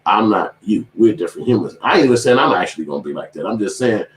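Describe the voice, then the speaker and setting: A man rattles off a casual, profane commentary at a quick clip, his voice sitting on the low side. He is hosting his own channel and tells stories with animation, acting out the people he quotes. The sound is roomy and echoey. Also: sing-song. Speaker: channel host.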